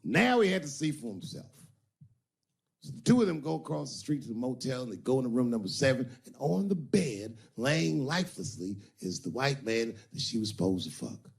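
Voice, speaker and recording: A male stand-up comedian telling a crude story in a punchy, animated way. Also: mid-range voice, brisk, creaky.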